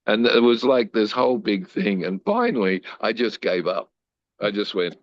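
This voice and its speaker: Speaking at a normal speed, an older man from Australia shares animated life anecdotes as an interview guest, acting out quoted lines in other people's voices. His voice is very deep and low, and the sound is dry, slightly dull and echo-free.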